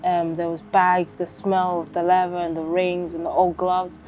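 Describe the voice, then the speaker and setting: A woman's voice: fairly low pitch, moderate pace, soft background music. A woman, casually telling her own story in an interview. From London, England. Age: 20s. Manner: casual, chatty, acts out quotes lively. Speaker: interviewee, boxer. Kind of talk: reflective personal storytelling.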